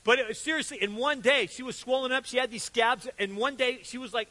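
An older man delivers a sermon with a high, bright and forceful voice. He tells stories with lively turns, switching between loud bursts and soft asides as he acts out what people said. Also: a little fast, rough recording. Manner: animated storytelling, acts out quotes with sudden loud and soft turns. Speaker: pastor.

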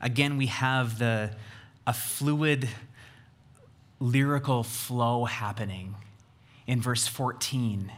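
A man preaching a sermon as a pastor, talking emphatically, building in intensity and putting questions to his listeners. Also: medium pitch.

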